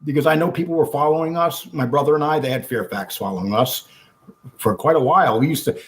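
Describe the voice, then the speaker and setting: A man being interviewed, telling a long story in an animated, blunt way, acting out what others said and swearing freely. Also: on the high side, quick pace. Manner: animated storyteller acting out quotes, frequent restarts. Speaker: guest.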